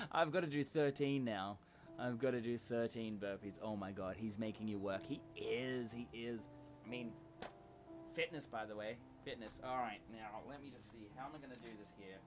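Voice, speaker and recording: A man live-streaming in casual chat, thanking viewers and counting out reps, out of breath after exercise. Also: medium pitch. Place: indoors at home, small space.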